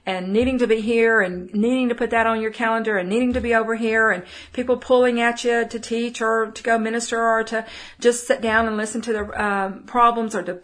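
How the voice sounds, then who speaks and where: A woman's voice: fairly high pitch, steady tone, fairly quick. A middle-aged woman with a Texan accent giving a folksy, conversational Bible teaching, full of fillers and restarts. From Texas. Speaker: preacher.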